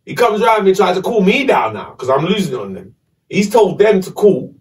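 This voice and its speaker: A man, a podcast host telling a story casually, animated and swearing. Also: high voice, a little fast, recorded from a distance.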